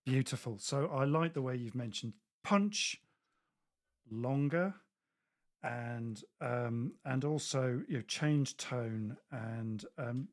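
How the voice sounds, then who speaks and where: A man's voice: medium pitch, takes it slowly, no room sound, studio quality. A man hosting a livestream interview, encouraging and full of short affirmations. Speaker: livestream host.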